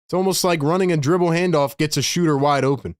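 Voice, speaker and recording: High-voiced excitable male play-by-play host. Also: fast talker, dry recording. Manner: excitable and casual, slangy, bursts into laughter. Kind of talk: live play-by-play commentary.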